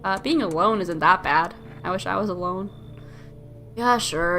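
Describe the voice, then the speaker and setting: A playful woman commenting on a game during a livestream, joking and giggling. Her voice is bright and sharp, with faint music underneath. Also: fairly low pitch, unhurried. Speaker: streamer.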